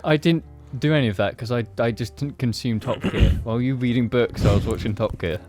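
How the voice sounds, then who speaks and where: A man co-hosting a casual podcast, earnest and quick to laugh. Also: mid-range voice, darkish tone, soft background music. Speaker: podcast co-host. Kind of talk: casual chat.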